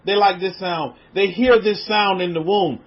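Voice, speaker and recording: Male religious teacher, high pitch, gentle questioning delivery with hushed drops, muffled lo-fi audio. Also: fairly even intonation, moderate pace, a little hiss or hum. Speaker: religious teacher leading an online class. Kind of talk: interactive spiritual teaching.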